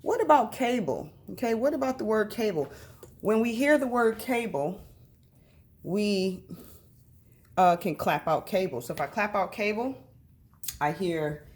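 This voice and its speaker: A woman teaching a reading lesson to children, speaking slowly and sounding out each syllable. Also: lowish voice, a little mellow, slight background noise.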